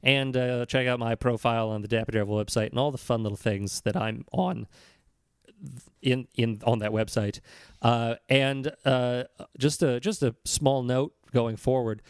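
A man co-hosting a comedy podcast in casual chat, sarcastic and quick to swear. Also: mid-range voice, steady tone, clear, resonant tone, no echo, studio quality. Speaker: podcast co-host.

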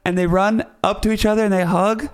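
A man's voice: sits high, steady tone, fast talker, clear, resonant tone, faint music behind. A man hosting a comedy podcast, telling a rambling story in a playful way and correcting himself as he goes. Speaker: podcast host. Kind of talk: comic storytelling.

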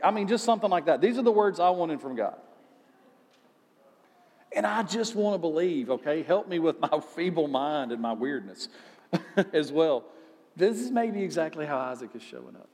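A man's voice: a little high, big pitch swings, measured pace, long pauses, darkish tone, big-room sound. A male pastor giving a sermon in a conversational way, asking rhetorical questions.

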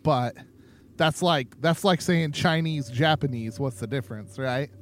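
A man with an unhurried, mid-range voice co-hosts a podcast in casual chat, steering the conversation and playfully teasing his partner.

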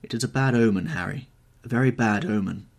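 A man voicing a sensitive, troubled young gentleman who speaks in a pleading, anguished way. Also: lowish voice, normal speed, husky. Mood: distressed.

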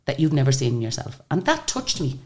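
Older woman, radio guest; low, expressive voice, animated storyteller who acts out each exchange. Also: a little fast. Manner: chatty, animated retelling of stories with quoted dialogue. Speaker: guest singer. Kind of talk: radio interview, anecdotal storytelling.

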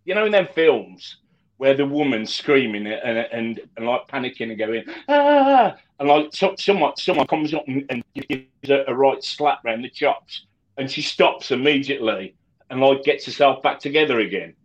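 A man co-hosting a casual fan chat about football, animated and stumbling over his words with many restarts. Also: medium pitch, moderate pace, dull audio. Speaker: football podcast co-host.

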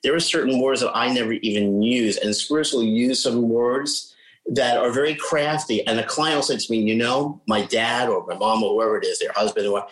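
A man talks casually as a guest, explaining things with lots of asides. He is animated and throws in little impressions of other people's voices. His voice sits at an ordinary middle pitch. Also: normal speed, rough recording. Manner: chatty, animated, imitates voices he describes. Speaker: psychic medium guest. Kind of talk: casual interview talk.

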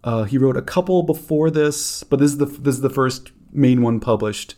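A man's voice: mid-range voice, normal speed, mellow. A man hosting a podcast in casual chat, dry and teasing, with some filler. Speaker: podcast host.

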